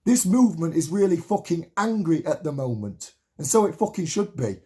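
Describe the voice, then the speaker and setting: A man in his late thirties delivers an impassioned monologue to camera, full of swearing and repetition. His voice sits high for a man yet sounds warm and soft-edged rather than bright. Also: very animated, normal speed. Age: 30s. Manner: heated, swearing, repetitive rallying rant.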